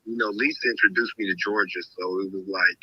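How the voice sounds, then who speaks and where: A man hosting a show, telling a story in a casual, animated way and acting out the voices of the people in it. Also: low voice, fairly quick, slightly rough, no echo, lo-fi sound.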